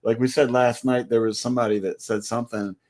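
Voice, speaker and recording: A man's voice: mid-range voice, steady tone, quick pace, darkish tone. Easygoing man co-hosting a livestream. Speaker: livestream co-host. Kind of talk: casual livestream chat.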